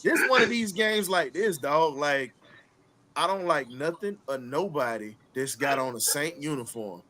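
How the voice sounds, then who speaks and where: A man hosting a sports talk show, hyped and trash-talking, dropping low and then shouting. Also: animated, a little slow. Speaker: host.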